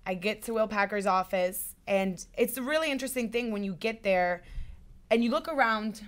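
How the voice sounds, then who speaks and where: A woman in her twenties, an actress, telling a personal story in an interview with lively, emotional delivery. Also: medium pitch, moderate pace. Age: 20s. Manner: animated, emotional, acts out quoted voices. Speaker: actress guest.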